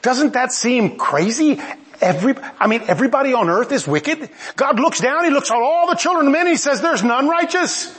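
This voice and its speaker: Male preacher, high-pitched, animated and emphatic, sermon delivery with playful asides. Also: brisk.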